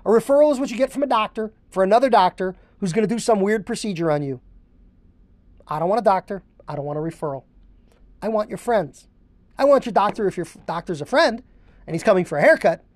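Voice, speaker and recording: A woman's voice: medium pitch, expressive, fast talker, darkish tone, dry recording. A woman hosting a podcast, coaching haircutters and drilling phrases word for word with emphatic repetition. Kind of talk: instructional podcast monologue.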